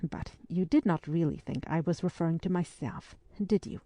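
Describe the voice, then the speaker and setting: A woman reading the part of an earnest young French officer in an audiobook, speaking softly and with care. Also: fairly low pitch, normal speed, no room sound. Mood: troubled.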